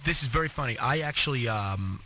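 Fast-talking husky man telling stories. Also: medium pitch. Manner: fast, animated storyteller with many fillers. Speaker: guest actor. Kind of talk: casual radio chat, storytelling.

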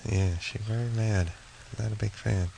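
A man co-hosting a late-night call-in radio show, talking in a quick, sarcastic, joking way. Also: lowish voice, steady tone, vocal fry, dark tone, a little hiss or hum, low-quality recording. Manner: wisecracking, sarcastic.

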